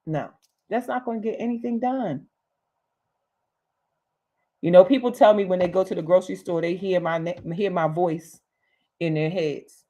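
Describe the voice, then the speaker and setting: A woman's warm, fairly low voice carries this livestreamed motivational talk. As host, she stresses her points hard, says the important phrases again and again, and mixes in slang.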